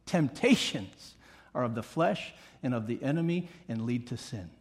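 A man's voice: mid-range voice, animated, moderate pace, breathy edge. A middle-aged male pastor preaching a sermon with emphatic repetition and playful asides.

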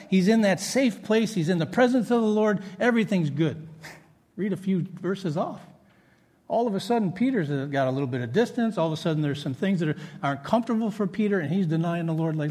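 Pastor guy preaching, kinda husky, lots of echo from the hall. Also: sits high, brisk. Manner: animated, conversational preaching with jokes and acted quotes. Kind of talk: sermon. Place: church hall with congregation. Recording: echoey church hall.

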